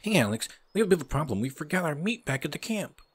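A man's voice: a little high, very animated, very fast, slightly rough, pitched above the performer's own voice. An eager, upbeat young buddy chatters about a trip in a noticeably raised voice, as a man reads him out. The tone is chipper and game-like.

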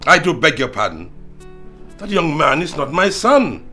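An actor playing a middle-aged doctor who speaks formally and calmly. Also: male voice, on the high side, husky, faint music behind, full character voice. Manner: formal, measured. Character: composed middle-aged doctor denying accusations.

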